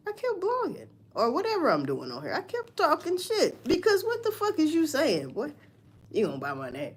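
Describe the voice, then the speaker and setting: A woman's voice: sits high, normal speed. Woman on a livestream in aave, cussing and gossiping, voice jumping all over the place. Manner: profane, animated gossip with mocking asides. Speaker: livestream host. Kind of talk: casual livestream commentary.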